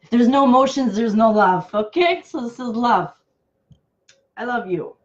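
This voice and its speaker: A woman giving live card readings to viewers, affectionate and halting, with many fillers and restarts. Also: a little high, highs cut off. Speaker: intuitive card reader.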